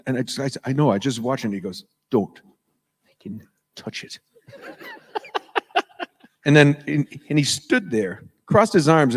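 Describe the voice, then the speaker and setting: A middle-aged man from New England chats from a convention stage, wandering off on tangents and chuckling between stories. His voice sits at an ordinary middle pitch, and an auditorium crowd is listening. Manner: rambling, goes off on tangents, chuckles often. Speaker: panel guest, voice actor. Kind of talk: casual stage chat with anecdotes. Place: convention auditorium before a live audience.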